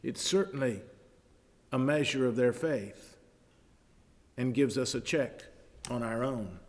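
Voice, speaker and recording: A man preaching a sermon, reading scripture aloud and explaining it, often building to loud emphatic passages. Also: mid-range voice, slow pace, pauses often. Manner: reads scripture aloud in King James wording, then explains it. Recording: long hall reverb.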